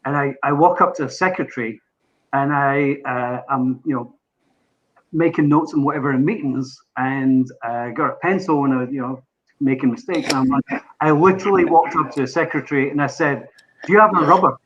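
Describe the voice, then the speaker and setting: A man with an English accent, a podcast guest in casual chat, animated as he tells an anecdote with bursts of laughter. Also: mid-range voice, normal speed, muffled recording. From England.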